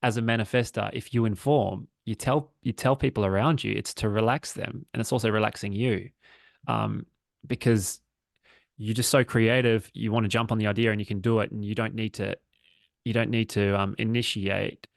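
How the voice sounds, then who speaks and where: A man's voice: fairly low pitch, fairly even intonation, normal speed, gravelly, dry recording, clean studio sound. A man chatting casually and reflectively on a podcast, swearing freely. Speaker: podcast co-host. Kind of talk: casual chat.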